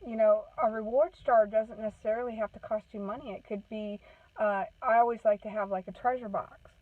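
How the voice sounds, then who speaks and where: A woman's voice: fairly high pitch, steady tone, a little fast, dry recording, distant mic. Earnest woman giving parenting advice, tinny. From Maine. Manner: earnest, repeats "okay?" to check in with listeners. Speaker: parenting advocate. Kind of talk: casual parenting advice talk. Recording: tinny phone-like sound from off the mic.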